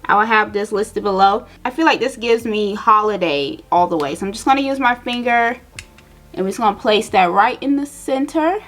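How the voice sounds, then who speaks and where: A young woman talks straight to her viewers in a relaxed, chatty way, mixing a personal story with makeup steps. Her voice sits at an ordinary middle pitch, animated and conversational. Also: normal speed. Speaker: beauty vlogger. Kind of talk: casual storytelling while doing makeup.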